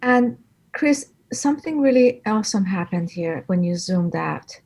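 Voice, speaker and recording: A woman instructor giving live design critique, with encouraging, gently directive feedback. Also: medium pitch, expressive, measured pace, creaky.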